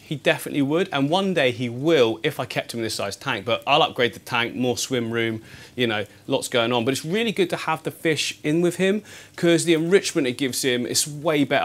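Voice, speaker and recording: A man hosting a fishkeeping vlog from his home tank studio, chatting eagerly to camera with frequent laughs, his voice deeper from the early morning. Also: a bit bright. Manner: chatty and enthusiastic, laughs often. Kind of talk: casual chat to camera.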